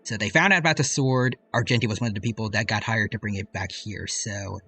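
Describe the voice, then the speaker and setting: A man's voice: fairly low pitch, fast talker, bright, forceful tone, husky. A man streaming a video game live, chatting in a casual, rambling and joking way. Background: game music.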